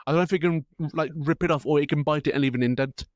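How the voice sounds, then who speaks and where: A young man, producer and co-host of a podcast, chatting in a relaxed, agreeable way and reading out listener questions. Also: on the high side, very fast, no echo, studio quality. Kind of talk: casual podcast chat.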